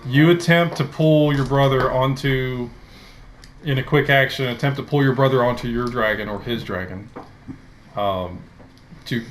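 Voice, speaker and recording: A dungeon master narrates a tabletop game through his headset, his medium-pitched voice unfolding the story in a slow, dramatic way. There's slight background noise.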